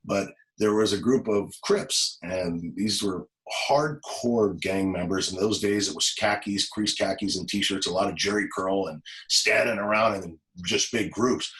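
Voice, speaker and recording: A man in his forties, a former police officer, telling a personal story as a podcast guest, halting and emotional, often repeating words. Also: lowish voice, fairly bright tone, rough recording. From Los Angeles. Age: 40s.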